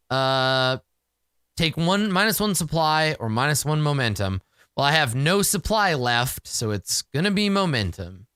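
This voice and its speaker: A man's voice: fairly high pitch, fairly bright tone, smooth, dry recording, studio quality. A man playing a solo tabletop role-playing game, thinking aloud about his rolls, self-mocking and exasperated, with casual swearing.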